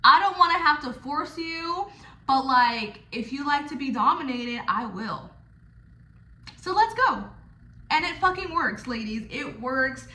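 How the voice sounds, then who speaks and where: A woman's voice: sits high, expressive, measured pace, sharp tone. A young woman giving casual, blunt and playful advice to other dancers, swearing freely. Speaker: stripper coaching other dancers. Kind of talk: casual direct-to-camera advice. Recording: echoey room.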